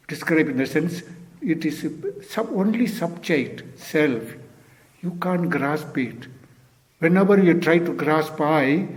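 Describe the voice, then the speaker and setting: A man's voice: a little high, darkish tone. An older man from India, giving a Zen dharma talk as teacher, repeating key words and posing rhetorical questions to his listeners.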